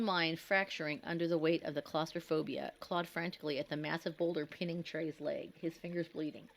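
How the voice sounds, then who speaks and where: A woman with a notably low voice narrates a scripted horror story. She reads in a grave, measured way and leans on the dramatic moments. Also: fairly even intonation.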